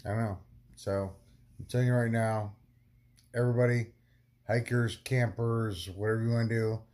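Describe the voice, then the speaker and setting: A man's voice: fairly low pitch, little pitch movement, normal speed, long pauses, a little mellow. A man vlogging on a long hike, talking casually to the camera and ranting in a tired, annoyed way. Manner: ranting, annoyed and tired, swears then apologizes. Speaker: long-distance hiker vlogger.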